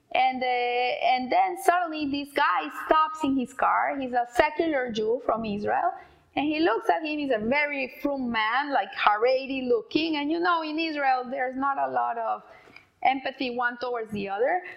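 A woman casually telling an inspirational story, halting and repeating words as she goes. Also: high voice, creaky, highs cut off.

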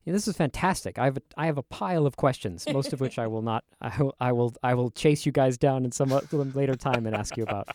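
A man's voice: medium pitch, fast talker, hardly any pauses, darkish tone, no room sound. Male host, inquisitive, dry close-mic sound. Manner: curious, questioning. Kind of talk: casual academic discussion.

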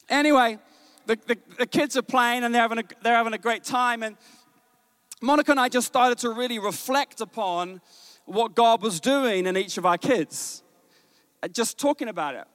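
A male pastor preaching a sermon, telling family stories with many restarts and rising to slow, emphatic exhortation. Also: smooth, no echo. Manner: animated storytelling, many repeated words and restarts; rises in pitch and slows when exhorting. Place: church stage.

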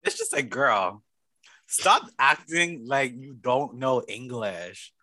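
A man's voice: medium pitch, animated, slow, bright, forceful tone, no echo. A young man from Canada co-hosting a podcast, ranting in a sassy, profane way and breaking into laughter. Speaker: podcast co-host. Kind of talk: casual chat. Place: studio.

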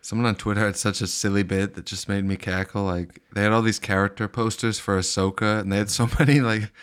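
Playful laughing man, smooth voice. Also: on the low side, steady tone, a little fast, a bit bright. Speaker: podcast co-host. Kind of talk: casual chat.

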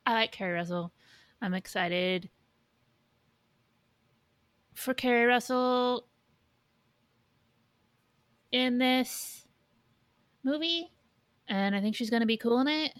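A woman co-hosting a podcast in casual chat, candid, swearing, with halting restarts. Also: on the high side, no room sound. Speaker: podcast co-host.

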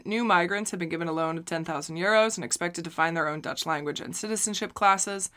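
Lower-pitched American woman co-host, reads the news and chats casually with lots of "like" and "um". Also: pushed and bright. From United States. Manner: casual, frequent "like" and "um", wry asides. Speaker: news co-presenter. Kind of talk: news reading and casual chat.

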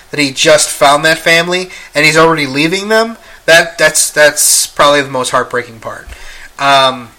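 Young male movie reviewer with a strikingly bright voice, loose and foul-mouthed, full of ums. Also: fairly high pitch. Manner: profane, rambling with many fillers. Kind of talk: casual spoken review.

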